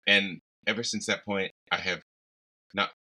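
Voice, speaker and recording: A man co-hosting a casual podcast chat, playful and quick to laugh. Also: deep voice, rough recording. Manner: laughs often, animated and playful. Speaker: podcast co-host.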